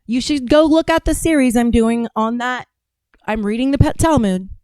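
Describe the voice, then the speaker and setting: A woman's voice: fairly high pitch, normal speed, a little mellow, smooth, no room sound, studio quality. A woman hosting a reaction video, talking casually in a blunt, rambling, profane way.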